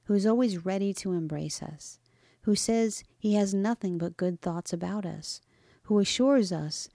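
A woman giving a scripted devotional reading in a measured, earnest and solemn way. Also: mid-range voice, creaky, warm tone, no echo, clean studio sound. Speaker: devotional reader.

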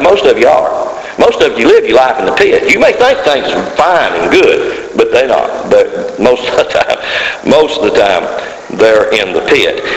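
A man's voice: fairly high pitch, a bit bright. Man preaching in an echoing hall. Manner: emphatic, repeats key words for stress. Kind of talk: sermon. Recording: echoey hall with long reverb, faint hiss.

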